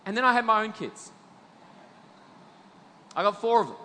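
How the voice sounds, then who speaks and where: A middle-aged Australian man preaches with a bright, high voice that rings out. He builds emphatically to loud peaks, then sinks low and slow. His sermon echoes through a hall over a faint hum of ambience. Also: animated. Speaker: pastor.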